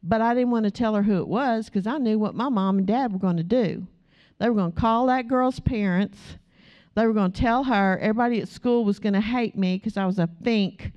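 A woman's voice: medium pitch, a little fast, highs cut off. A middle-aged woman who teaches a church class through personal stories. She talks in a chatty way, laughs often and asks the group questions. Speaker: Bible study teacher.

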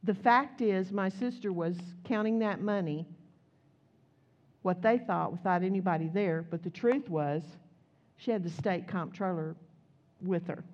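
A woman preaching a sermon in a conversational, animated storytelling way, acting out quotes as she goes. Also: lowish voice, a little slow, muffled recording.

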